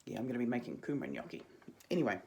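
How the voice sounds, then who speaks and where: Chatty New drama teacher, a young woman with a mellow tone, talking students through their work. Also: extremely low pitch, big pitch swings, racing. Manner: chatty, jokey asides. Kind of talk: casual video lesson to students.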